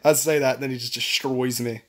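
A man hosting a gaming video, commentating with excitable, exclamatory energy. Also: mid-range voice, normal speed. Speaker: gaming channel host.

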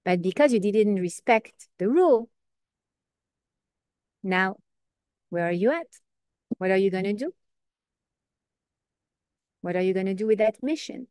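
A woman giving an informal Torah class, earnest and lively, asking questions and answering them herself. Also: mid-range voice, unhurried, pauses often, clear, resonant tone, dry recording, clean studio sound. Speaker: Torah teacher.

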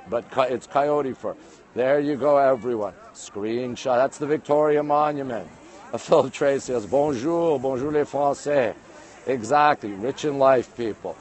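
At a normal speed and with a darkish, mid-range voice, a Canadian man hosts a phone livestream outdoors. Perched on monument steps amid a busy city, he says hello to viewers and reads their comments out in chatty bits.

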